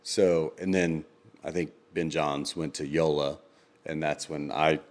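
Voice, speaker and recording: A man co-hosting a podcast in casual chat, rambling with lots of ums and quick laughs. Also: extremely low pitch, fairly even intonation. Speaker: podcast co-host.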